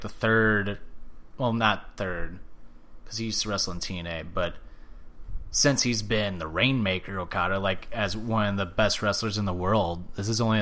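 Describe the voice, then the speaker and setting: Excitable man with a bright voice. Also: on the low side. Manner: excitable, acts out quotes loudly. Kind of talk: casual chat.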